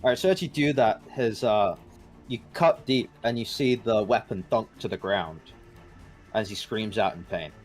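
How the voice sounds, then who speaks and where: A man's voice: fairly low pitch, moderate pace, faint music behind. A man narrating as game master of a tabletop game, casual and profane, with frequent "uh" fillers.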